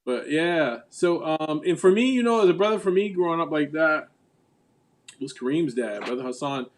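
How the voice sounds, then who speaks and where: A man's voice: on the high side, normal speed. A man from the United States hosting a casual group chat over a video call, telling stories and acting out greetings. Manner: animated storyteller, acts out greetings. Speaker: livestream host.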